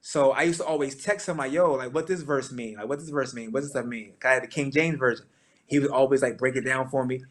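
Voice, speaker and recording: A man in his thirties giving an animated, slang-filled testimony to a church audience about his years as a gospel singer. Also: mid-range voice, fast. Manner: animated, slangy storytelling with lively quoted asides.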